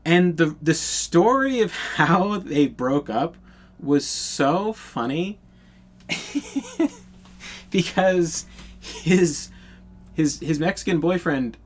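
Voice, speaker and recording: A man's voice: a little high, big pitch swings, drawn-out words, a little hiss or hum. Blunt, profane young man telling a story. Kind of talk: casual storytime monologue.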